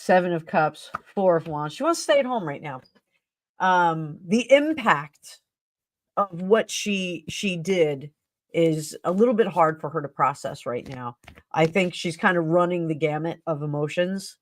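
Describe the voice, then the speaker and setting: A woman's voice: lowish voice, expressive, a little slow. A woman hosting a live stream tarot reading who talks in an emotional, effusive way. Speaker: tarot reader and stream host.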